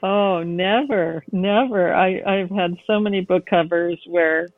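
A woman's voice: fairly low pitch, slow, no echo. A woman novelist speaking as an interview guest in a thoughtful manner, with frequent laughter. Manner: warm, thoughtful, laughs easily. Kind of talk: interview conversation. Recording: tinny phone line, dry.

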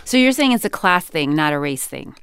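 A woman's voice: low voice, big pitch swings, fairly quick, fairly bright tone, clean tone, no room sound. A woman with a Californian accent co-hosting a radio show, asking curious, probing questions with dry humor. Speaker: radio co-host. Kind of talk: conversational interviewing.

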